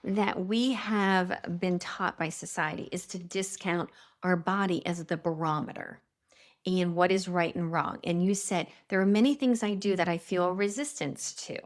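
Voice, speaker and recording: A woman co-hosting a talk show, steering the conversation and giving tips in a measured, instructive way, often checking in with her listener. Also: lowish voice. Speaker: podcast co-host. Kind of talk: casual chat guiding tips.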